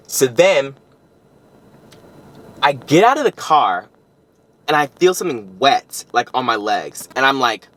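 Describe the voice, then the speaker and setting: A young man telling a story on his vlog, rambling and animated, with frequent restarts and self-corrections. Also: medium pitch, a little slow, pauses often. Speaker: vlogger.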